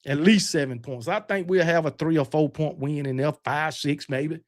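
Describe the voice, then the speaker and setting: Male stream host, high-pitched, loose boastful banter. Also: normal speed. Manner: rambling, self-correcting, talks back to chat. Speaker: livestream host. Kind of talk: casual chat with live viewers.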